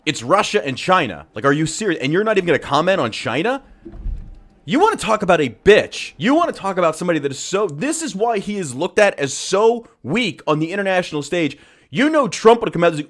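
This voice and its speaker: A man's voice: high-pitched, very animated, a little fast, fairly bright tone. A man hosting a podcast and commenting on a live event as he watches, swearing often and reacting with disbelief and mockery. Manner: profane, incredulous, mocking.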